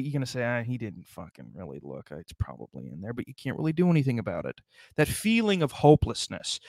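A man's voice: fairly high pitch, no echo. A man delivering a rambling, sardonic comedic monologue, swearing constantly as he riffs.

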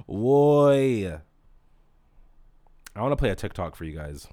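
A young man rants on his podcast with a foul mouth and big swings in his voice. His pitch jumps all over, and the sound is dry and close, with no room around it. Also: normal speed, no echo. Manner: animated, profane, swings loud to mumbling. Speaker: podcast host. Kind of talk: casual comedic rant.

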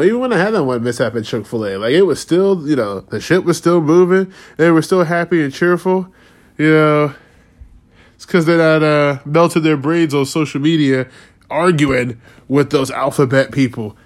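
Man, slightly high voice, casual rant, sarcastic, swears a lot, rambles off topic. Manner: profane, rambling, sarcastic, laughs often. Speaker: podcast host.

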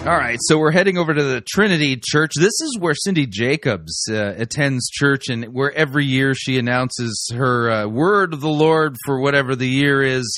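A man hosting a commentary show, setting up a sermon clip in a quick, scornful and joking way. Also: mid-range voice, fairly bright tone, no room sound, studio quality. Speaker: show host. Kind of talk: introducing a clip.

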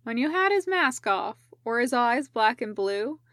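A brisk, caring female medic, read by a woman asks clinical questions with patience. Her voice sits fairly high and the sound is close and dry. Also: very animated, a bit bright, dry recording.

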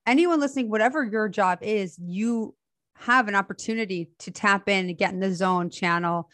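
A woman's voice: medium pitch, normal speed, fairly bright tone, no echo. Enthusiastic woman podcast host, dry sound. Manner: enthusiastic, spiritual phrasing. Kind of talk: casual conversation.

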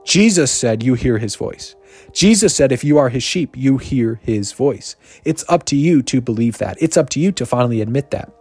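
A man giving an energetic, joking podcast sermon, rushing through asides and then slowing down to repeat key lines. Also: mid-range voice, breathy edge, dry recording, soft background music. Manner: energetic, joking, swings between rapid asides and slow emphatic repetition. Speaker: podcast preacher. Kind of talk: casual sermon.

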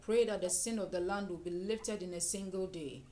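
A woman's voice: on the low side, moderate pace, mellow, slight background noise. Fervent woman leading prayer. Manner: fervent, repetitive, with bursts of speaking in tongues. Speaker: prayer leader.

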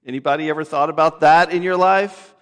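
Pastor, man, 30s, slightly high voice, chatty self-deprecating sermon, long church reverb. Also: steady tone, a little fast. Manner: conversational, self-deprecating, repeats words when starting a thought. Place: church sanctuary.

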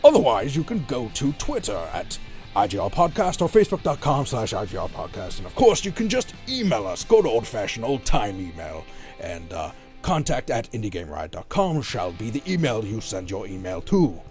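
A man's voice: fairly low pitch, wildly swooping pitch, moderate pace, darkish tone, soft background music. A man co-hosting a podcast in casual chat, teasing and laughing often. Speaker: podcast co-host.

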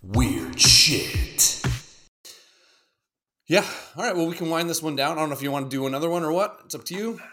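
A man co-hosting a casual livestream, reacting to videos in an animated, joking and profane way. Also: fairly high pitch, rapid-fire, hardly any pauses. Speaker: co-host.

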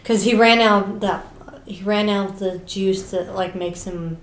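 A woman's voice: mid-range voice, a little slow, echoey room, low-quality recording. A middle-aged mother in casual chat, patiently recapping a film's plot and steering the talk back on track. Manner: steady storyteller, keeps steering back on track. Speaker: podcast co-host, mother.

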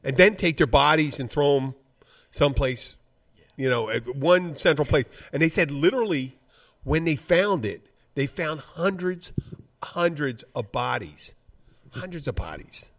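A man's voice: on the high side, lively intonation, a little slow, a bit bright. A man hosting a casual podcast, rambling through stories and swearing casually. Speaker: podcast host.

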